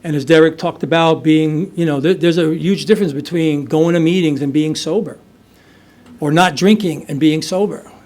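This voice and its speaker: A man's voice: on the high side, normal speed, a little mellow. A middle-aged man from the United States telling his recovery story at a meeting, conversational, with many fillers and restarts. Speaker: AA speaker. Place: meeting hall.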